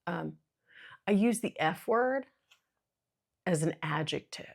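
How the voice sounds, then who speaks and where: A chatty mom in her thirties hosts her podcast solo, wandering from thought to thought with plenty of filler words and jokes at her own expense. Her voice sits on the low side and carries a gravelly fry. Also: animated, slow pace. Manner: chatty, rambling, self-deprecating, many fillers. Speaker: podcast host. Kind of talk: casual solo monologue.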